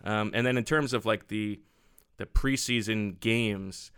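Lower-voiced man, crisp and dry. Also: fairly bright tone, no room sound. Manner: joking, quick asides. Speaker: sports podcast co-host. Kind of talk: casual sports podcast chat.

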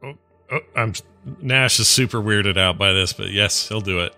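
A man's voice: fairly low pitch, normal speed, sharp tone, faint music behind. A man playing in a tabletop game, reacting and joking casually. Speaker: player.

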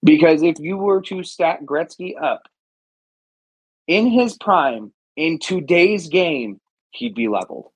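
A man's voice: a little high, lively intonation, slow, breathy edge, no echo. A man co-hosting a podcast in casual chat, swearing freely and ranting with heat. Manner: profane, heated rants. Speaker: podcast co-host.

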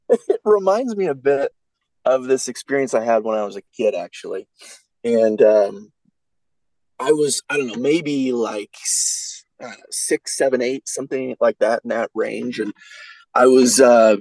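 Gravelly-voiced man telling a folksy story. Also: medium pitch, animated, unhurried, darkish tone, no room sound, poor audio. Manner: folksy, rambling storyteller with many fillers. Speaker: podcast guest. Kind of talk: casual storytelling chat.

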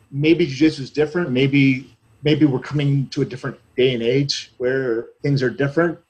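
An earnest man in his thirties talks through his coaching life in a loose, rambling podcast chat. He often slips into little acted-out exchanges with students. His voice sits at an ordinary middle pitch. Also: steady tone, moderate pace, a little mellow, lo-fi sound. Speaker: jiu-jitsu coach and gym owner. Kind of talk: casual podcast conversation.

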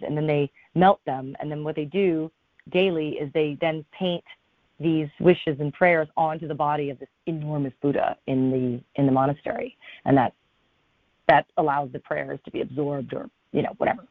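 A woman, a guest in an interview, telling a travel story in an animated way and acting out what people said. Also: low voice, normal speed, dry recording. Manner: animated storyteller, acts out quotes. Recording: thin phone-like line, dry.

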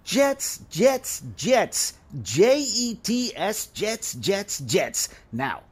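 A man's voice: wildly swooping pitch, normal speed, fairly bright tone, exaggerated voice. A man with a New York accent playing a shrewd, wisecracking pawn shop owner who haggles hard. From Queens, New York. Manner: haggling, street-smart, swinging pitch. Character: shrewd wisecracking pawnbroker, Looney Louie.

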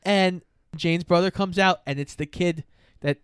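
A man's voice: high-pitched, unhurried, clean tone, no echo, studio quality. A man casually retelling a film's plot scene by scene and voicing the characters he quotes. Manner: storytelling, voices characters in quotes. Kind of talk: casual chat recapping a film.

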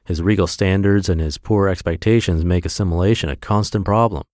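A man with a very deep voice reads an essay aloud as the host of a daily podcast. His narration is measured and expressive, lifting on the phrases he wants to land. The sound is dry and close, as if spoken right into a studio mic. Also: dry recording. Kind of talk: scripted narration.

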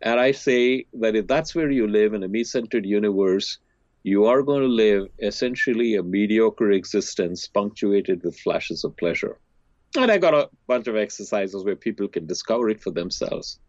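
A man in a podcast interview telling a teaching story, acting out the people in it with big rises in pitch. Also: normal speed, dry recording. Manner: animated storyteller, voices characters with big pitch swings. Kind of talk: storytelling in conversation. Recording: dry, slightly dull lo-fi sound.

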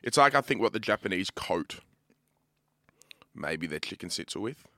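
A young Australian man with a lowish but bright, forward voice that swings up and down a lot as he banters and swears. The recording is dry and close. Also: moderate pace, dry recording. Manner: lively banter, swears freely. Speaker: podcast co-host. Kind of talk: casual chat.

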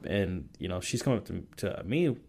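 A man with a deep, low voice talks through stories as a pastor on a podcast. His telling is loose and rambling, full of restarts and fillers like "like" and "you know". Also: big pitch swings, moderate pace, creaky, darkish tone. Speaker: youth and young adults pastor. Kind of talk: casual storytelling in a podcast interview. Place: podcast recording session.

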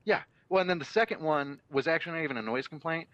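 A man chatting casually on a podcast, telling profane, animated stories. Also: fairly high pitch, fast talker, no room sound, dull audio. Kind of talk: casual chat.

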